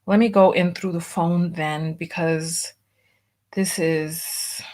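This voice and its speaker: A woman's voice: on the low side, steady tone, a little mellow. Exasperated woman venting on a livestream. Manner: frustrated, venting, rapid restarts. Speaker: livestream show host. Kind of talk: casual livestream talk.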